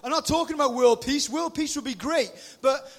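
A man in his forties giving an informal, lively youth sermon into a PA microphone in a meeting hall, sometimes breaking into shouts. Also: extremely high pitch, a little fast. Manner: chatty, lively, bursts into shouting. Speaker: youth speaker.

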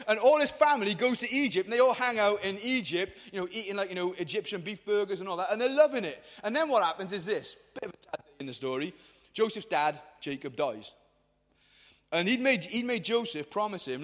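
A young man with a fairly high voice tells a Bible story to a youth group in lively, slangy speech, jumping in and out of the characters' voices. His voice rings out with a long reverb from the hall he speaks in. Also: fast talker. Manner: energetic and slangy, acting out quoted voices.

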